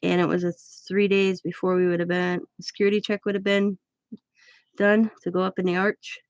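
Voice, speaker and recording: A woman's voice: fairly low pitch, flat delivery, normal speed, dry recording, clean studio sound. A middle-aged woman telling a rambling personal story in a casual, chatty way while crafting, often correcting herself mid-sentence. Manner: chatty, rambling, with frequent self-corrections and laughs. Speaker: craft vlogger.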